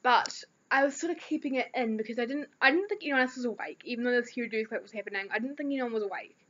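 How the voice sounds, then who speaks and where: A teenage girl with a New Zealand accent chats to her camera with a slightly high voice. She rambles through a story with plenty of fillers. The recording sounds dull and lo-fi. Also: fast talker, fairly bright tone. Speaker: vlogger. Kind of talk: casual chat.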